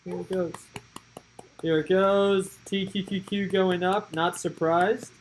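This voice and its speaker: A man's voice: high voice, level tone, slow pace, slight background noise, low-quality recording. A man giving casual live-stream commentary on stock market moves, chatty and thinking aloud as he watches the charts.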